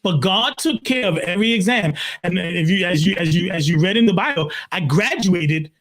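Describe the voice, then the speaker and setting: A man in his sixties from Brooklyn, a pastor telling his life story in an interview, emphatic and animated, leaning on "literally" and acting out his own quotes. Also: high-pitched, normal speed. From Brooklyn, New York. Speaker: pastor, guest.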